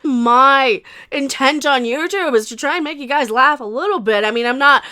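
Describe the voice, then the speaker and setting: A woman's voice: high voice, moderate pace, pushed and bright. A woman YouTuber ranting in a commentary vlog, sarcastic and crude, often repeating herself.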